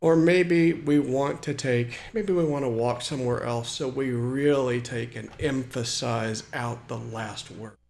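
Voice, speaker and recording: Gravelly man explaining software. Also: mid-range voice, measured pace, hardly any pauses, a little hiss or hum. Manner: explanatory, with frequent fillers and restarts. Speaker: hobbyist programmer demonstrating software. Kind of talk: screen-recorded tutorial walkthrough.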